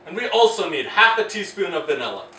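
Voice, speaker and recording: A man's voice: high voice, sing-song, fast, heavy background noise. A man co-hosting a casual comedic cooking show, self-mocking and upbeat. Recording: echoey kitchen, distant mic, faint music.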